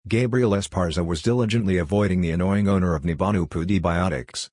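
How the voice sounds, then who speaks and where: Deep husky male narrator. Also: fairly quick, a little mellow, dry recording. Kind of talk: audiobook narration.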